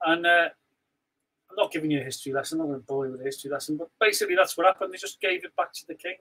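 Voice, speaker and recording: A Scouse man with a high, bright and husky voice co-hosts a live stream. He talks bluntly and with animation, tumbling through restarts as he tells his stories. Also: rapid-fire, low-quality recording. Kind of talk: casual live-stream chat.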